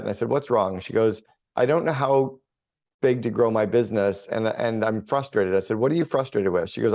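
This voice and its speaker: A middle-aged man talking in a relaxed interview, blunt and full of energy. He tells his stories casually and swears freely, at an ordinary pitch. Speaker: podcast guest, business coach.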